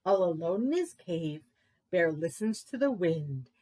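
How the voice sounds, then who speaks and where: Expressive librarian reading aloud, lively pitch. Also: female voice, takes it slowly. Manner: expressive read-aloud delivery with character voices. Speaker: children's librarian. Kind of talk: reading a picture book aloud for story time.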